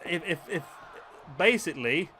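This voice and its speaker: On a wrestling game stream, a young man with an expressive voice on the high side speaks at normal speed. He jokes at his own expense while chatting casually with viewers, against a loud game crowd and background noise.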